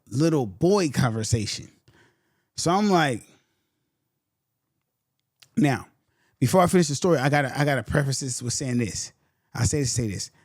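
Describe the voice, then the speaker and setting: A man's voice: medium pitch, dry recording, clean studio sound. A young man from San Antonio, telling a story on a podcast in a casual, heated, slangy way, with "bro" again and again. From San Antonio, Texas. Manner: animated, heated, slangy, says "bro" a lot. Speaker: podcast host.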